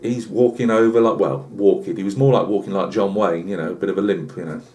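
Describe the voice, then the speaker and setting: A British channel host spins a rambling comic tall tale, chatty and packed with asides and fillers. His voice is deep and darkish, the tone steady, and he talks fast.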